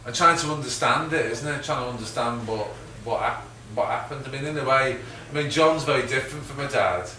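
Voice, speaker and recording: A man's voice: medium pitch, fairly quick, few pauses, bright, forceful tone. A middle-aged man from Liverpool with a Liverpool accent, answering audience questions in a rambling, chatty way, often laughing and ending on tag questions. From Liverpool, England. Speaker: guest filmmaker. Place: event room with audience. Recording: echoey room, distant mic, background noise.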